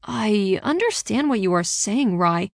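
A woman's voice: medium pitch, lively intonation, unhurried, gravelly, no room sound, clean studio sound. Young male student mage, cautious, protective, storybook voice, a woman reading him. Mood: reasoning. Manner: hesitant, protective.

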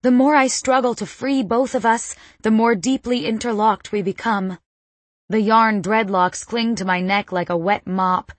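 A woman's voice: mid-range voice, fairly even intonation, measured pace, dry recording. A woman narrating a first-person audiobook with tense, dramatic storytelling.

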